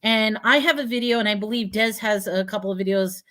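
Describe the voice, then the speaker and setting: A woman hosting a live online chat, talking in an animated, questioning way. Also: mid-range voice, fairly quick. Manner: animated, questioning, puts on a cutesy sing-song for props. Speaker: host. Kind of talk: casual live-stream chat.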